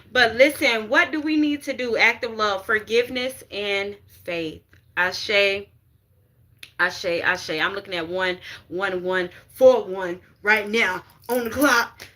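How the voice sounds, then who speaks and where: Woman spiritual reader, livestream talk; bright, forceful tone, slightly high voice, profane and quick to laugh. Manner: animated, profane, laughs often; frequent "you get what I'm saying" asides.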